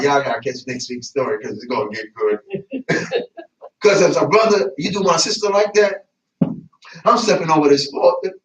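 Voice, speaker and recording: A man preaching a sermon in a church, lively and colloquial, laughing and breaking into asides. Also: high-pitched, slight background noise. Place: church sanctuary. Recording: echoey church, mic at a distance.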